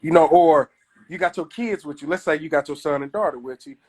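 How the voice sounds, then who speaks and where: A man's voice: a little high, a little mellow, husky. A man from Kansas City, a comedian telling stories in casual chat on a live stream. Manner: storytelling, does quick voices of others.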